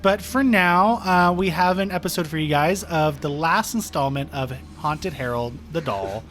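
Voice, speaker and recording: A man's voice: on the high side, normal speed, fairly bright tone, slight background noise. A man hosting a paranormal podcast, chatting casually and laughing easily, with lots of fillers. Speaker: podcast host. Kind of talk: casual chat.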